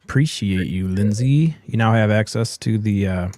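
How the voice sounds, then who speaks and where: A man's voice: fairly low pitch, normal speed, mellow, a little hiss or hum. A man hosting a casual podcast, joking around and reading chat comments aloud. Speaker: host.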